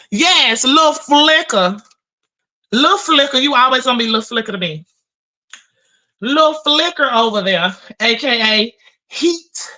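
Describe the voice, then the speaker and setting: Brash, bright-voiced woman livestreamer. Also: a little high. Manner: brash and profane, calls viewers honey and baby; animated, breaks into laughter. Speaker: livestream host. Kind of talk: casual gossip commentary to viewers. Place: at home, home office.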